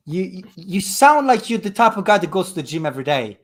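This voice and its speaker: A man on a headset making sales calls and joking with a co-host, quick and self-mocking. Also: high voice, big pitch swings. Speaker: sales trainer cold calling on a stream. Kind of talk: casual banter and sales calls.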